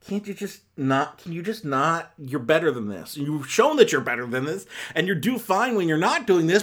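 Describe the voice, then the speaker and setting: A man's voice: fairly high pitch, sing-song, moderate pace, few pauses, a bit bright. A man giving a casual spoken film review on a podcast, rambling and self-correcting with many fillers and exasperated asides.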